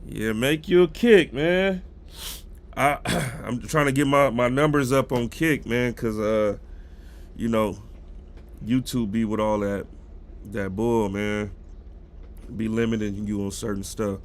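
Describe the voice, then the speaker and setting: A man's voice: lowish voice, slow, long pauses. Stuffy-nosed man talking to his stream. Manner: chatty, greets chat viewers directly. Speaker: sports news streamer. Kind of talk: casual live-stream sports talk.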